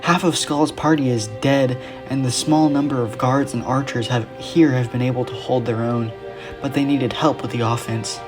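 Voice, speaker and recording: A storyteller narrating a dark fantasy tale in an earnest, even manner. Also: mid-range voice, normal speed, over music.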